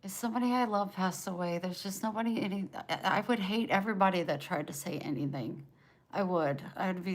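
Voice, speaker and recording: A woman's voice: medium pitch, brisk. A woman livestreaming from home, venting raw and emotional while she answers viewers by name.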